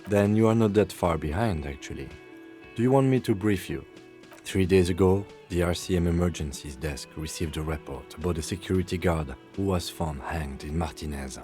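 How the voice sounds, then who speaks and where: A man playing a calm, precise police lieutenant. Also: sits low, normal speed, faint music behind, close to an everyday voice. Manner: composed, precise, dry. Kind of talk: video game voice acting.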